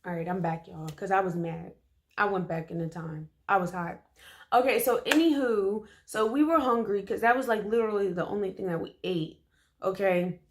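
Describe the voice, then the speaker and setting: A woman tells a personal story in a relaxed, chatty way. Her delivery is emphatic and full of slang, and she often turns to her listeners with quick "okay?" asides. Her voice sits at an ordinary middle pitch for a woman. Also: a little hiss or hum. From Philadelphia, USA. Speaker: storytime vlogger. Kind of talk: casual storytelling to camera.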